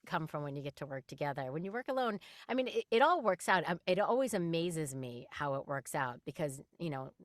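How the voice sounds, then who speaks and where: A woman voice actress chatting in an interview, her voice sitting a little low for a woman. She is animated and talkative, laughing easily between thoughts. The sound is close and dry. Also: no echo. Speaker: voice actress guest. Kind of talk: casual interview chat.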